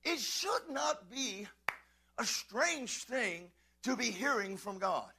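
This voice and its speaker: Man, pastor, fervent sermon, very high voice, lively pitch swings. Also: slow pace, vocal fry, slight background noise. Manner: fervent, swings from shouting to soft; addresses congregation, calls and repeats. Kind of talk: preaching a sermon. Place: church.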